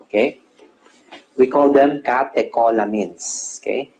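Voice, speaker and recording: A man's voice: mid-range voice, measured pace, darkish tone, a little hiss or hum, rough recording. A man teaching a nursing class. He quizzes his students, answers his own questions, and explains English terms as he goes, tagging most phrases with "okay?". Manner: checks in with "okay?" after nearly every phrase. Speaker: nursing lecturer. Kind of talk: classroom lecture.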